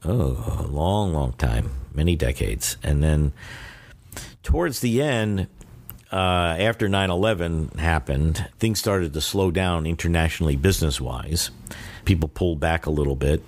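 Deep-voiced older man spinning anecdotes. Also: animated, unhurried, darkish tone. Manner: rambling anecdotal storyteller with many restarts. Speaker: guest, Chinese teacher. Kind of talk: casual interview storytelling.

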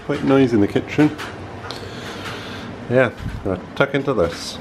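A man's voice: medium pitch, a little slow, creaky, darkish tone. A young father chatting casually while filming a home vlog, often switching to a sing-song voice for his small child. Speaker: father vlogging with his toddler. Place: home kitchen, then outdoors by a canal. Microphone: handheld camera. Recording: noisy handheld camera audio. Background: appliances humming, then outdoor and traffic noise.

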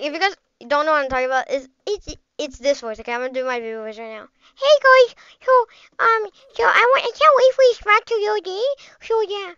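A woman giving casual, excitable live commentary over her gameplay, rambling and chatty as she plays. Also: sits high, clean tone, no room sound, muffled recording. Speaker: gaming channel host.

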